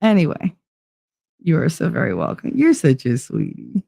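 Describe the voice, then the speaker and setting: A woman hosts a casual livestream, reading viewer messages and chatting in a profane, animated way. She laughs often as she talks. The sound is dry and close, with no room echo. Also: sits low, moderate pace, gravelly. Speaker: livestream host.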